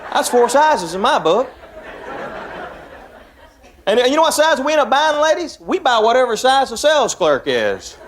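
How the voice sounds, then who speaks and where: A man's voice: very high-pitched, sing-song, normal speed, pauses often. A man from Tennessee with a Southern drawl, doing a stand-up comedy set and acting out the dialogue in his stories. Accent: Southern US (East Tennessee). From Tennessee, USA. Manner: folksy drawling storyteller, acts out dialogue. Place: comedy club stage with live audience. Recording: live club recording, loud audience laughter and room noise.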